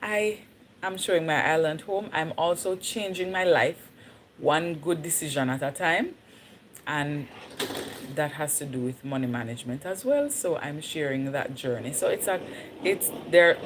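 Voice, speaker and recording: A Jamaican woman with a low voice talks casually to viewers on a livestream, slipping into patois now and then. Faint noise sits behind her. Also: unhurried. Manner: chatty, switches into patois, laughs easily. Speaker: livestream host.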